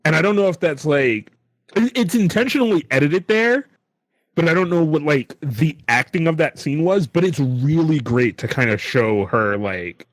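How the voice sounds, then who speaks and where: A podcast co-host rambles through a casual chat, using lots of fillers and checking in with "right?" again and again. His fairly high voice is animated at a moderate pace, and the recording is dry.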